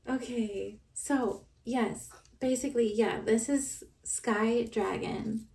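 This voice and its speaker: A woman unboxing plush toys in a casual vlog, gushing with excitement and often laughing. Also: fairly high pitch, takes it slowly, vocal fry. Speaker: plush toy reviewer. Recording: voice a bit far from the mic.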